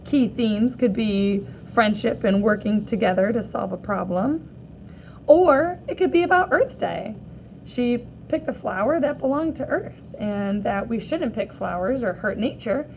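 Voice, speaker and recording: A woman reads a children's graphic novel aloud in a slow, unhurried way, gently speaking every caption and sound effect. Her voice sits a little high for a woman, and her tone stays patient and clear the whole way through. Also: animated, slight background noise, low-quality recording. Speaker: teacher reading aloud.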